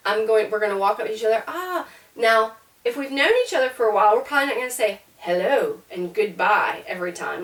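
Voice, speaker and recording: A woman's voice: medium pitch, lively intonation, quick pace. Woman language teacher, upbeat and patient, recorded from a distance in a roomy space. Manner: upbeat, explains step by step with demonstrations. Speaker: French teacher. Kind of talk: casual classroom lesson.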